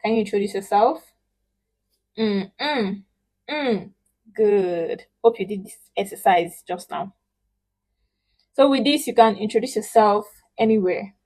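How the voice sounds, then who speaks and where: A woman's voice: mid-range voice, mellow. A woman teaching a spoken language lesson, patiently repeating words and stretching out syllables so learners can echo her. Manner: models pronunciation with emphatic, drawn-out syllables.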